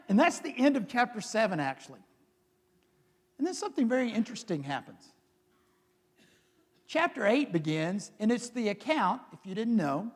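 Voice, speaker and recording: A man's voice: high-pitched, big-room sound. A man preaching a sermon as a pastor, retelling scripture in a conversational, dramatic storytelling manner. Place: church sanctuary.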